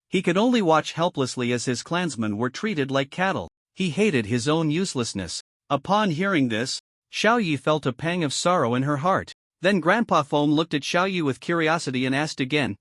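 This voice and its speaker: A man's voice: a little high, fairly bright tone, no echo, studio quality. A man narrating a fantasy comic recap in scripted storytelling style.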